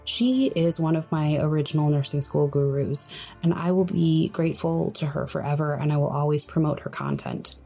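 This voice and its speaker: Hushed breathy woman podcaster. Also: low voice, normal speed, faint music behind. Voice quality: breathy, quiet. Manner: hushed, soft-spoken, friendly. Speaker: podcast host. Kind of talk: solo podcast advice.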